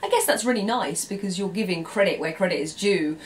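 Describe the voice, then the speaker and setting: Young woman, English accent, casual vlog storytelling, laughs a lot, middle-pitched voice. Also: animated, a little fast, a little hiss or hum. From England. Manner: chatty, laughs often, acts out quoted reactions. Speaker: vlogger.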